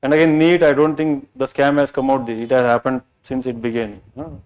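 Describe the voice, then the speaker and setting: A male coaching teacher with an Indian English accent, speaking at a mid pitch in a chatty, rambling lecture style. He keeps checking in with the class with "right?" and "you know". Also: little pitch movement, brisk, darkish tone, smooth, rough recording. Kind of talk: orientation lecture.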